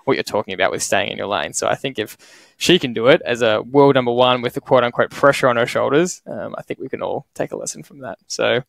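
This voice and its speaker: A man's voice: mid-range voice, fast, gravelly, fairly bright tone, no room sound. A young Australian man co-hosting a podcast, telling a story with enthusiasm and wrapping up the show. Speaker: podcast co-host. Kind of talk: casual podcast chat.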